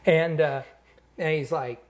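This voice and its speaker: A man, a stand-up comedian, telling a long anecdote in casual chat, animated and laughing between lines, with many fillers. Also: fairly high pitch, slow pace.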